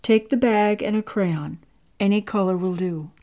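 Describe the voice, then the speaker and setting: A woman voicing God as a calm, patient, fatherly presence who gives gentle instructions. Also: medium pitch, moderate pace, natural voice. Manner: calm, even, gently firm.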